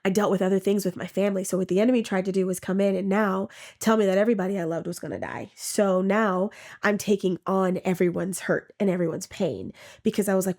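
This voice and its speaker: A woman shares a personal faith testimony at an ordinary pitch. She talks in a halting, heartfelt way, restarting and repeating words as she goes. Now and then she acts out her own past words. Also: fairly even intonation, a little mellow. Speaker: testimony speaker.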